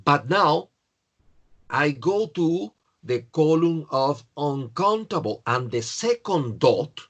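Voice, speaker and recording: Slow, patient man teaching grammar. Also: a little high, very animated, fairly bright tone. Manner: slow, patient explaining with repetition. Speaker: English teacher.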